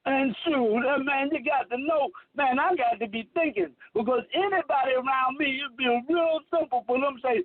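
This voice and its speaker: A man in his fifties, styling himself a messiah, delivers a rambling, preachy monologue full of heavy swearing. His very high voice runs at normal speed with hardly any pauses, emphatic throughout. It comes over a tinny phone line, dry with no echo.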